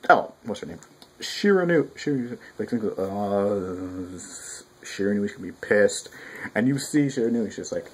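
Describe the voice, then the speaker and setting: A man giving a rambling, profane, casual manga review, talking loud with a clogged ear and often restarting his sentences. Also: fairly low pitch, lively intonation, a little slow, husky. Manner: rambling, profane, self-interrupting.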